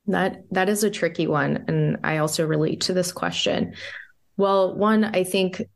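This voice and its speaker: A woman's voice: fairly low pitch, unhurried, gravelly. A woman psychotherapist and coach, a guest on a podcast, talking in a chatty, storytelling way that is full of "like" fillers. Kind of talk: casual interview chat.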